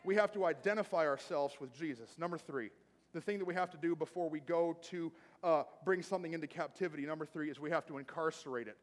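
A man's voice: on the high side, fast. A pastor preaching a sermon from the pulpit to his church, emphatic and repetitive, calling out to the congregation. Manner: emphatic, repetitive preaching with audience call-outs. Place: church sanctuary, speaking from the pulpit. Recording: long reverb of a church hall.

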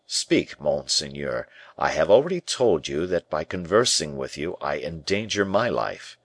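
A man reading the part of a calm, guarded male bishop who answers in slow, grave, measured replies. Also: very deep voice, slightly rough, dry recording, pitched below the performer's own voice, heavily acted.

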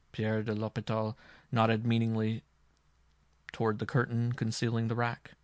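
A man reading a dark historical story aloud, with a dramatic, expressive delivery. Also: fairly low pitch, moderate pace, no echo, studio quality. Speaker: audiobook reader. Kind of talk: scripted narration.

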